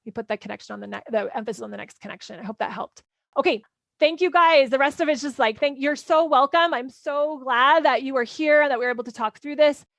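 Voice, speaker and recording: A woman's voice: high-pitched, a bit bright, dry recording. A woman hosting a parenting workshop and answering listener questions in an earnest, encouraging way. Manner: earnest and encouraging, quick run-on phrasing with "like". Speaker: parenting coach and podcast host.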